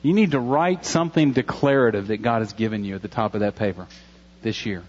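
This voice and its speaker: A man's voice: lowish voice, brisk, darkish tone, highs cut off. A pastor in his forties giving an earnest, conversational sermon with a few jokes. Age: 40s.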